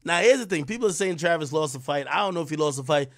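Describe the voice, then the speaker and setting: Rambling, profane male streamer, higher voice. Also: rapid-fire, loud music behind the voice. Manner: animated, rambling, profane trash talk. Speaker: livestream host. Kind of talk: casual live-stream commentary.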